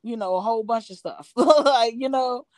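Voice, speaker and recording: A woman's voice: fairly high pitch, normal speed, dry recording. A woman co-hosting a podcast, giving frank opinions in a rambling way with lots of fillers. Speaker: podcast co-host. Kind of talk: casual podcast chat.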